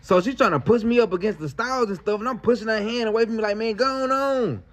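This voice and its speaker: A man telling a story in casual slang, animated and acting out the people in it. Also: high-pitched, fast talker. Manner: animated, slangy, acts out quotes.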